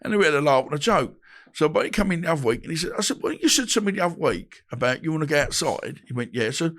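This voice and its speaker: A boxer in his 50s, guesting on a podcast, tells stories in a slightly high, racing voice. He's animated, acting out phone calls and quarrels and switching voices for the people he quotes in this interview chat.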